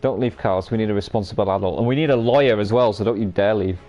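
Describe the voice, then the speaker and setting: A man live-streaming a card game, talking through his moves and teasing his viewers by name. His voice sits fairly low, and he swears freely when the game goes wrong. Faint game music plays under his voice. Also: fast talker, few pauses, mellow. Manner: banter-filled, swears freely, teases chat. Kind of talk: live gameplay commentary chatting with viewers.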